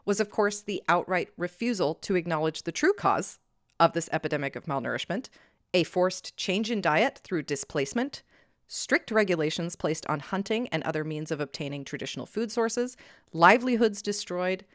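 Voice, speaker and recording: A woman with a lowish voice presents her research on a podcast, reading steadily from notes. She breaks into sharp outrage at the injustices she describes. The sound is dry and close. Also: expressive, normal speed, dry recording. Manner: reads prepared notes, flares into heated outrage. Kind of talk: scripted history podcast with casual banter.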